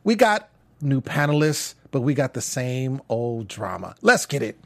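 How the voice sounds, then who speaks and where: A man hosting a lively panel chat show, excitable and often laughing. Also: medium pitch, unhurried, gravelly. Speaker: host. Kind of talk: casual chat.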